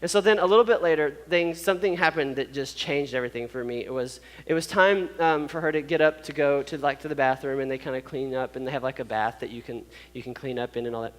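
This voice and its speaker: A man's voice: mid-range voice, fast, few pauses, big-room sound. A man telling a personal story to an audience, acting out sounds and quoted voices, with many fillers.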